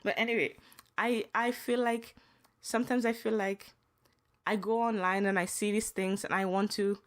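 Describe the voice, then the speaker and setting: A woman's voice: mid-range voice, fairly even intonation, moderate pace. A young adult woman hosting a podcast, telling personal stories in a casual, emotional way with frequent restarts. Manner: emotional, earnest storytelling with many restarts. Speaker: podcast host.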